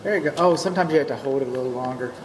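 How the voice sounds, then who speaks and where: His voice is medium in pitch, and he talks very fast with a Texan drawl. A home inspector from Texas, he narrates a chatty, homespun walkthrough for a client, tossing in joking remarks as he goes. The bare interior of the new house echoes, with steady background noise throughout.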